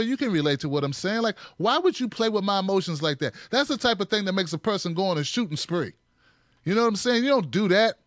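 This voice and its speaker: A man's voice: high voice, a bit bright, no echo, studio quality. A man hosting a political commentary show, talking in a punchy, sarcastic way with mocking asides.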